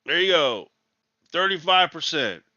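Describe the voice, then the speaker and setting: A man's voice: fairly high pitch, big pitch swings, unhurried, pushed and bright, dry recording, highs cut off. A man ranting in exasperation as he reacts live to a college basketball game, repeating his complaints. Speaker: sports talk host.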